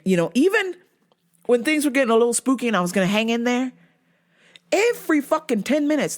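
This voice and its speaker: A woman hosting a show, ranting in a casual, comic way with lots of swearing, high shrieking laughter and acted-out quotes. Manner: profane, animated, bursts into high shrieking laughter; acts out voices in quoted asides. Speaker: podcast host. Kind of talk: casual comedic rant.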